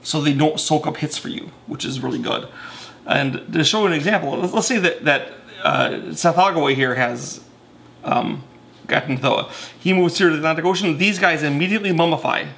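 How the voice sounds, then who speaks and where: A man with a slightly higher voice walks through board game rules in a relaxed, conversational way. He stumbles, corrects himself and leans on fillers as he explains each piece. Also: moderate pace, gravelly. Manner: chatty, self-correcting, with many fillers.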